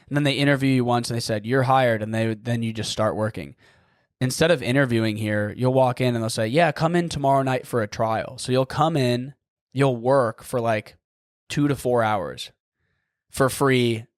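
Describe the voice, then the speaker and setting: Young man, podcast host, casual rambling storytelling, mid-pitched, dry close mic. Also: steady tone, moderate pace, clean tone, dry recording. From United States. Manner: rambling, lots of "like", swears casually.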